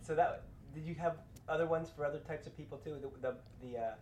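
A man's voice: a little high, fairly even intonation, quick pace. A man interviewing a former carnival worker, asking probing questions and giving short encouraging replies. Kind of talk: oral history interview. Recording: echoey room with faint noise.

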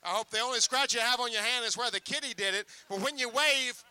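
A man's voice: very high voice, steady tone, quick pace, sharp tone, smooth, no echo. A man working as a sideshow magician, teasing a young volunteer with joking stage patter. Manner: joking, teasing showman banter.

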